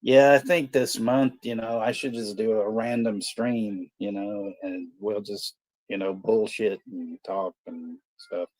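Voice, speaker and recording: Male stream host, deep-ish mellow voice, loose swearing banter. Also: fairly even intonation, unhurried. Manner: profane, rambling, laughs often. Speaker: watch party stream host. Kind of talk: casual livestream chat.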